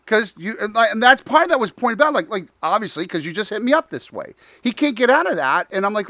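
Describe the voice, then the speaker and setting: A man's voice: sits high, big pitch swings, brisk, few pauses, sharp tone, no room sound. A man hosting a live talk show, chatting casually and acting out dialogue, laughing often.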